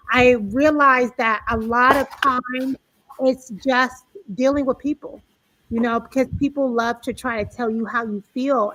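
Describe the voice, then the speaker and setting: Woman, high voice, emphatic and animated, casual motivational talk. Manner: animated and emphatic, with rising outbursts. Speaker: host of a live wellness talk.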